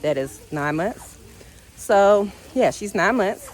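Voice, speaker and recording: A woman's voice: mid-range voice, takes it slowly. A woman, chatting casually to the camera as a vlogger about her dogs. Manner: chatty and animated, uses y'all, narrates her dogs' reactions. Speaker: vlogger and dog owner.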